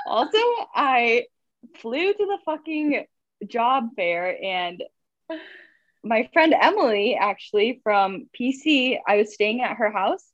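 A woman's voice: a little high, expressive, slow pace, no echo, muffled recording. A young woman in her twenties telling stories in casual chat, full of fillers, over a video call. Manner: chatty storytelling, filler-heavy. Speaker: guest. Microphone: phone on video call.

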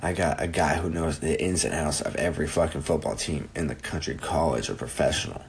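Twenties guy rambling on his podcast, real deep voice, cussing and joking nonstop. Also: fairly quick, husky, rough recording. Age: 20s. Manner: profane, rambling, jokey. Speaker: podcast host. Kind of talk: casual solo podcast monologue.

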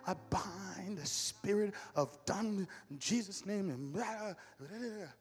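A man's voice: sits high, measured pace, big-room sound. A man preaching a sermon with humor, telling stories animatedly to his church. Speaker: pastor. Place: church hall with music.

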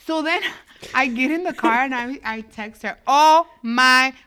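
A woman telling a story in casual chat into a microphone, animated and swearing freely, dropping in Spanish words. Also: sits high, unhurried, smooth. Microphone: studio microphone.

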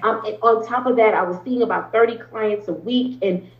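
A woman's voice: on the high side, moderate pace. A woman therapist speaking as an interview guest, explaining earnestly at length with frequent ums and restarts. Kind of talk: conversational interview talk. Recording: roomy, slightly dull sound.

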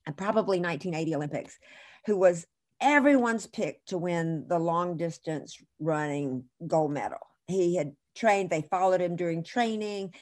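A woman's voice: fairly low pitch, normal speed, darkish tone. A woman guest in an interview, telling a long story in a chatty, digressive way and correcting herself as she goes.

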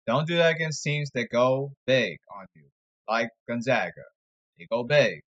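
A man's voice: medium pitch, moderate pace, a bit bright, lo-fi sound. A man giving a rambling, sarcastic sports commentary monologue, exasperated and jumping from topic to topic. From New York area.

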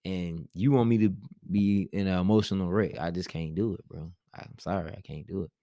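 This is a man with a lowish voice, talking bluntly with his wife in a casual couple's chat. He stays laid-back while he argues his side. The recording is dry, with little room sound. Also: fairly even intonation, fairly quick, mellow, dry recording. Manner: blunt, laid-back, argumentative, says "bro" often. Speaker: husband in a couple's vlog.

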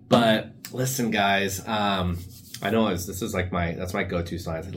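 A man's voice: deep voice, normal speed. Rambling young male podcast host. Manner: rambling, laid-back storytelling with slang and asides; often drops into silly put-on voices for quotes. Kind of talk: casual solo podcast monologue.

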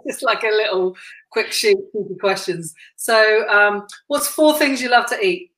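A woman hosts a podcast in relaxed conversation. She is chatty and upbeat and laughs easily as she asks her guest light questions. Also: mid-range voice, normal speed, rough recording. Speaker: podcast host. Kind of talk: casual interview chat.

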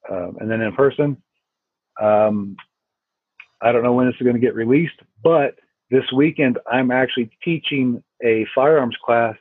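A man's voice: medium pitch, dry recording. A man talking as a podcast guest, a rambling, profane storyteller with lots of fillers, heard over a remote call. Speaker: podcast guest, firearms instructor. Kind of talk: casual chat. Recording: tinny phone-like line, husky.

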